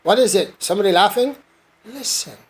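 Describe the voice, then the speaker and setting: A father reading as a kind, excitable storybook boy whose exclamations jump up high, in a soft breathy tone. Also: a little fast. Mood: excited.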